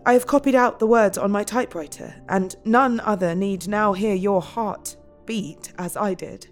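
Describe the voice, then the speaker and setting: A woman's voice: mid-range voice, moderate pace, faint music behind, close to an everyday voice. A woman playing an earnest, resolute Victorian wife. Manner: earnest, emotional and pleading. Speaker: narrator and character. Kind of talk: audio drama journal reading.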